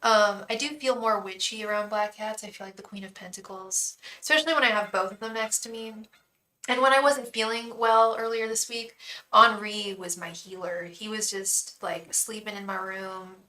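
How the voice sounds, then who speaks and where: A woman's voice: mid-range voice, bright, forceful tone, distant mic. A woman chatting casually on a live tarot stream from her room at home, often cooing baby talk at her cat. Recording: echoey room, voice off-mic, faint noise.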